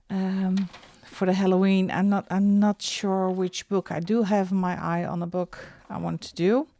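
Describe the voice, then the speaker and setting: A middle-aged woman hosting a coloring channel, chatting casually as she shows her books, with soft asides now and then. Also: mid-range voice. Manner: chatty, slow and unhurried, drops into soft asides. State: out of breath. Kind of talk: casual show-and-tell vlog.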